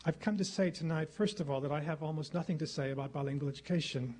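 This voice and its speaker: A middle-aged guest lecturer addresses a lecture hall from a podium microphone, delivering a formal public talk in a measured, rhetorical style and repeating phrases for emphasis. His voice leans high and is slightly mellow.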